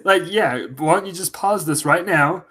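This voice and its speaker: A man's voice: high-pitched, moderate pace, pushed and bright, slightly rough. A man co-hosting a podcast in casual chat, laughing often through playful banter. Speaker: podcast co-host.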